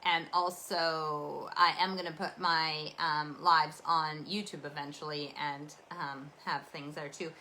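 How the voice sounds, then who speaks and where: A woman's voice: deep voice, flat delivery, takes it slowly, few pauses, sharp tone, slight background noise, low-quality recording. A Canadian woman hosting a casual rambling chat, talking in a meandering, chatty, self-deprecating way. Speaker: host.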